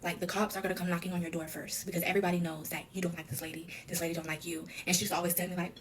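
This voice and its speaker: A young woman tells her own story in an interview, the words tumbling out quickly. Her voice sits a little low for a woman. She keeps acting out the dialogue, so the retelling stays loose and candid. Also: level tone. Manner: rapid, filler-heavy retelling with quoted dialogue.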